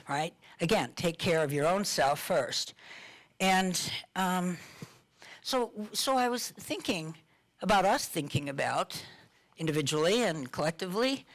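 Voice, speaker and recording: A woman's voice: deep voice, a bit bright. A middle-aged woman minister giving a conversational sermon, asking her listeners questions and laughing lightly now and then. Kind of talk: informal sermon talk.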